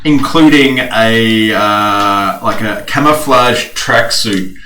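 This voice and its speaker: A man, a player at a tabletop game podcast, talking in a relaxed, slightly hesitant, informative way. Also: fairly low pitch, slow. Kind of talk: casual podcast chat. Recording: echoey room, clear noise.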